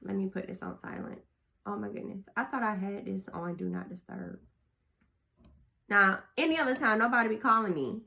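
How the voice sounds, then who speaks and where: Bright, expressive woman podcaster. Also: medium pitch, normal speed, gravelly. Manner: expressive, reads passages aloud then comments, faith-inflected asides. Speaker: podcast host. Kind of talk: casual solo podcast, reading and reflecting.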